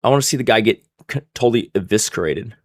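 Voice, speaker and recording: A man's voice: fairly low pitch, fast, no room sound, clean studio sound. A young man streaming live, telling a story in a casual, profane way and acting out what others said. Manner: animated, profane, acts out quoted voices.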